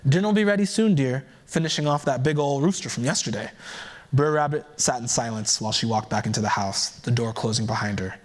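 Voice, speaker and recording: A man giving a keynote by telling a folktale aloud in a relaxed storytelling manner, adding conversational asides as he goes. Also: mid-range voice, brisk. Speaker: keynote speaker. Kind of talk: oral storytelling.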